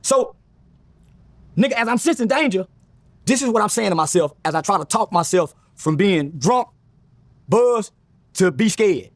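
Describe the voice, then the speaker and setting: A man's voice: high-pitched, moderate pace, pauses often, no room sound. A man telling a story casually and profanely, acting out other people's lines as he goes. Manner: animated, profane, acts out quoted voices. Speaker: guest.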